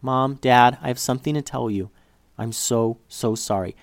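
A man's voice: medium pitch, normal speed, no echo, studio quality, natural voice. A man voicing a young girl who is tearful and sorry, speaking in a pleading, emotional way. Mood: remorseful.

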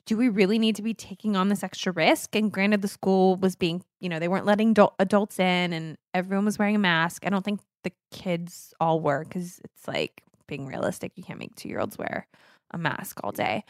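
A woman's voice: lowish voice, fairly quick, no echo, studio quality. A woman in her thirties co-hosting a podcast in casual chat, candid and rambling, often correcting herself mid-sentence. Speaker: podcast co-host.

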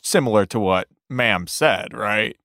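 A woman voicing a gruff, sulky bar worker in a comedic tabletop game, muttering and then bursting out loud. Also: a bass voice, a little slow, no echo, clean studio sound, pitched below the performer's own voice, heavily acted.

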